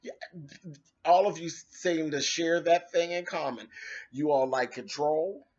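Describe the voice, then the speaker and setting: Sassy high-voiced man ranting, lo-fi. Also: slow, a little mellow. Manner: sassy, cutting, dramatic asides. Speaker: commentator. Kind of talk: casual rant video. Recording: dull lo-fi recording.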